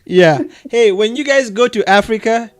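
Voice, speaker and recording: Male mentor with a light Cameroonian-Texan accent, pitched high, easy and chatty on a video call. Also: normal speed. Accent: mix of Cameroonian and Texan English. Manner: chatty, laughs often, restarts sentences. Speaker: adoption agency mentor answering questions. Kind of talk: casual video call conversation.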